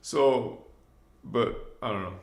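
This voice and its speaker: A man's voice: mid-range voice, slow pace, reverberant. A man hosting a live spiritual talk, rambling loosely with many fillers and speaking straight to his viewers. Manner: loose, meandering, frequent fillers and asides; addresses viewers directly and preachy. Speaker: livestream host.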